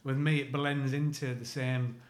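A man's voice: medium pitch, level tone, moderate pace, reverberant. A man co-hosting a podcast, chatting casually in a rambling, self-mocking way. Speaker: podcast co-host. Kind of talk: casual chat.

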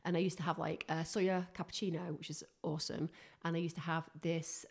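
A woman's voice: deep voice, little pitch movement, brisk, vocal fry, slightly rough. A woman telling stories in an eager, casual chat, full of "like" fillers. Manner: chatty, enthusiastic storyteller with many "like" fillers.

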